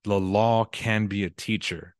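Low-voiced man giving casual commentary. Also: steady tone, unhurried, clean tone, dry recording, clean studio sound. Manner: chatty, loose phrasing with frequent "kinda" and self-corrections. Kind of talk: casual solo commentary on news and movies.

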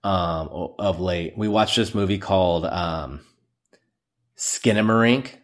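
A young man hosts a solo podcast, rambling and poking fun at himself while saying "dude" a lot. His voice is low-pitched and he takes his time, with no room sound.

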